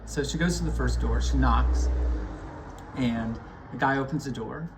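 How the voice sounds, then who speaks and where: A man's voice: mid-range voice, unhurried, background noise. A man sending a casual video message to a friend, telling jokes in a hesitant way with many ums and restarts.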